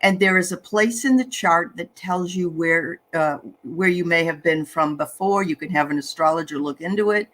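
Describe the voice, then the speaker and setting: Host lady on a live stream, bright tense voice, keeps saying it's fascinating. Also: on the low side, moderate pace, hardly any pauses. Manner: enthusiastic, repeats phrases, trails off. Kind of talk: casual live chat.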